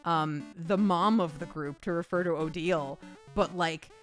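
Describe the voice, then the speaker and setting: Animated woman voice actor chatting. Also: lowish voice, moderate pace, faint music behind. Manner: animated, talks with her hands in quotes, swears casually. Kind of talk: casual chat.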